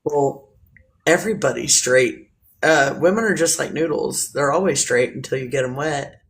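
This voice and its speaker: A woman hosting a casual live stream, joking crudely, greeting viewers and talking in a playful, drawn-out way. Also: a bass voice, vocal fry. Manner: bawdy, joking, often laughing. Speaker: livestream host.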